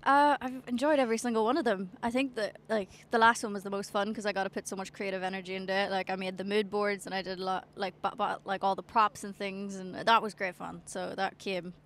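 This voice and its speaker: A woman's voice: medium pitch, fairly even intonation, fast talker, few pauses, fairly bright tone. A young woman with a Northern Irish accent, a singer chatting casually in an interview on an outdoor balcony, laughing often and trailing off. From Northern Ireland. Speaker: singer-songwriter guest.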